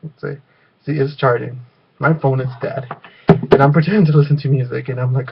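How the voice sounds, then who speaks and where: A man's voice: medium pitch, steady tone, a little fast, gravelly, muffled recording, a little hiss or hum. A man telling a rambling story in a casual vlog, full of fillers and restarts. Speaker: vlogger.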